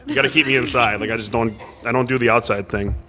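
A man's voice: medium pitch, fairly even intonation, a crowd in the background. A man hosting a casual chat at a convention, joking. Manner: fast, joking. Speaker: host. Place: crowded convention.

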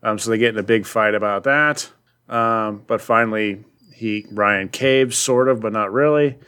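A man's voice: on the low side, moderate pace, bright, forceful tone, clean tone. A man co-hosting a casual podcast about comics, animatedly retelling a story with lots of ums. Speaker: podcast co-host.

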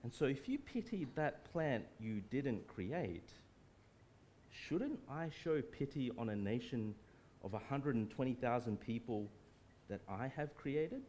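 A preacher voicing God with a gentle, reasoning tone in his own voice. He asks patient questions, and his pitch rises and falls in lively turns. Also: unhurried, a little hiss or hum.

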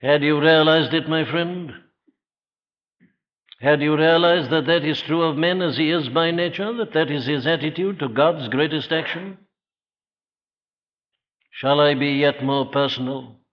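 A man preaching an evening sermon in a church, earnest and rhetorical, putting questions straight to his listeners and slowing down to stress key phrases. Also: a little high. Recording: dull lo-fi old sermon recording.

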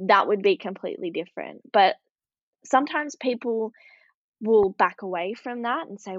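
A young Australian woman, a professional surfer, chats upbeat and casually as an interview guest, filling her speech with "like." Her medium-pitched voice is animated at a moderate pace, on a dull, dry, lo-fi recording with no room sound.

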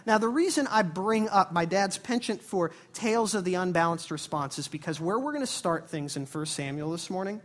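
Animated, conversational male pastor preaching. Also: high voice. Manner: animated and conversational, swinging from quiet asides to loud outbursts. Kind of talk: sermon with personal storytelling. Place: church service.

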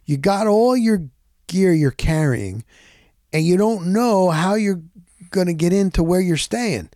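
A man telling a casual story in an animated way, dropping sound words as he goes. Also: high-pitched, unhurried, dry recording, clean studio sound.

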